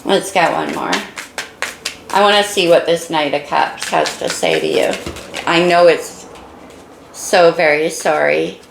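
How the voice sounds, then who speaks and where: Tarot reader, woman, low gravelly voice that is fading, emotional and encouraging, echoey room with faint hiss. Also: expressive, slow pace, long pauses. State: losing her voice. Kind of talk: casual tarot reading.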